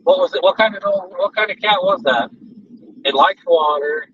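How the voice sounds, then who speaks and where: A man vlogs from a moving car on a highway, rambling through casual chat and stories. His voice is high-pitched and expressive at a normal speed. The in-car recording sounds distant and dull, with road noise.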